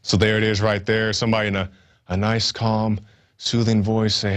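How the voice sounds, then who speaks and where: A man's voice: fairly low pitch, fairly even intonation, moderate pace, fairly bright tone. A man hosting a news show, giving sarcastic, rambling commentary with many fillers. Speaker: news host.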